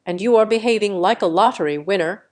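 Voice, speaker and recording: A woman's voice: medium pitch, fast talker, a little mellow, lightly acted. A woman voicing a commanding middle-aged father who lectures and scolds his grown daughter in a storybook narration. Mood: stern.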